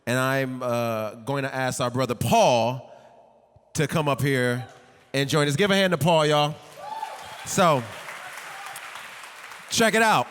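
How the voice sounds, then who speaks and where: A man's voice: mid-range voice, slow, long pauses, fairly bright tone, smooth, long reverb tail. A man performing live on stage, joking with the crowd, leading call-and-response and rapping. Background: guitar and band music.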